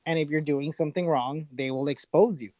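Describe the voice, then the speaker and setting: A man co-hosting a podcast in loose, animated casual chat, full of fillers and jokes. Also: on the high side, brisk, no echo. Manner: animated, filler-heavy, jokey. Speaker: podcast co-host.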